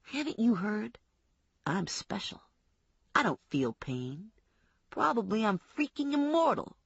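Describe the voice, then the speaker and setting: A woman's voice: sing-song, vocal fry, husky, no echo, dull audio, full character voice. A woman doing a taunting male fugitive. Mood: menacing. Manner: taunting, slow and low. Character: menacing young male fugitive with a knife.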